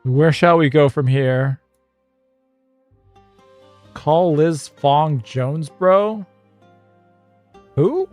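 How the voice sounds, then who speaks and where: This is a male streamer reading a generated story aloud to his viewers, breaking off to chuckle and ramble. His voice sits a little high. The room sounds dry, and faint guitar music plays in the background. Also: darkish tone, no echo. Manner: chuckling, rambling, reads in quick bursts.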